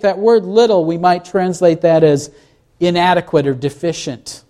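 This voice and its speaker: A man's voice: high voice, normal speed, warm tone. A man preaching a sermon, reading scripture and asking the congregation questions as he explains it. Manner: asks the congregation questions, reads scripture aloud. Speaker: pastor.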